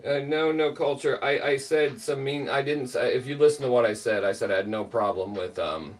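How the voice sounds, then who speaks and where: A man's voice: mid-range voice, brisk, far from the mic. Rambling middle-aged man telling a story. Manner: rambling, filler-heavy, greets chat by name. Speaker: livestream host. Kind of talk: casual storytelling on a livestream.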